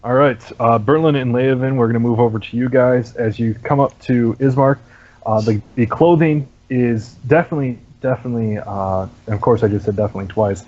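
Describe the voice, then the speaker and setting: A man's voice: mid-range voice, a little fast, muffled recording. A man narrating as game master for a tabletop game, casual and full of fillers. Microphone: online voice chat mic.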